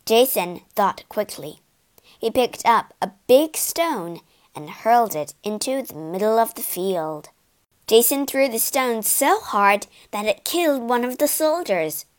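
A woman narrating a storybook for English learners, reading slowly, clearly and expressively. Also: a little high, animated.

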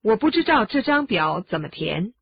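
A woman reads short lesson prompts with lively, rising and falling intonation. Her voice is distinctly husky and breathy. The recording is dry and muffled, like an old lo-fi lesson tape. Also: medium pitch, normal speed, dry recording. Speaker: lesson narrator giving Chinese prompts. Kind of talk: scripted lesson narration. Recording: dull, dry lo-fi studio recording.

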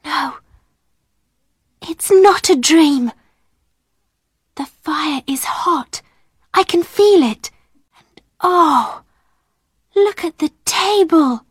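A woman reading as a gentle, hungry young girl who speaks in a soft, hushed voice with a raised, girlish lift. She talks slowly and close, with no room sound around her. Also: high voice, animated, no room sound, pitched above the performer's own voice, exaggerated voice. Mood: amazed. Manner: soft, hushed, often whispering.

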